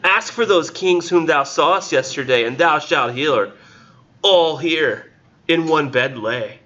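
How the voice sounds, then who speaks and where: Man doing a lovestruck poet voice, high and slow, drawn-out and grand, bright, dull lo-fi sound. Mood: swooning. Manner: slow, drawn-out, exaggerated reading. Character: lovestruck male poet grandly scolding the sun.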